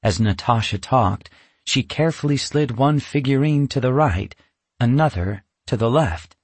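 A man narrating a children's storybook in a lively, expressive way. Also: mid-range voice, a little slow, husky, no room sound. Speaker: audiobook narrator.

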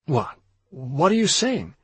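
A man voicing a panicked young man, shouting in a frantic, pleading way. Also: a little high, very animated, takes it slowly, breathy edge, no room sound, pitched above the performer's own voice, heavily acted. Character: panicked young man fearing for his twin.

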